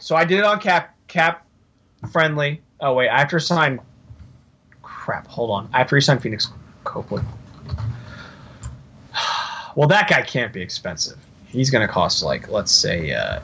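A man co-hosting a podcast in casual chat, rambling and joking as he thinks out loud. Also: medium pitch, lively intonation, moderate pace, pauses often, a little hiss or hum. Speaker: podcast co-host.

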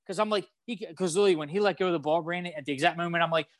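A young man co-hosting a sports podcast, animated and fast-flowing as he retells a game and acts out his own shouting at the TV. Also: a little high, no room sound. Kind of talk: casual sports talk.

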